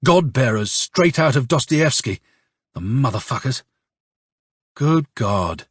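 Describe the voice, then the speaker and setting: A man reading an audiobook, playing a hoarse, bitter young officer who tells his story with curses and sarcasm. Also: mid-range voice, lively intonation, slow pace, no room sound, clean studio sound. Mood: angry storytelling. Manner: angry, sardonic storytelling with curses. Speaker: audiobook narrator.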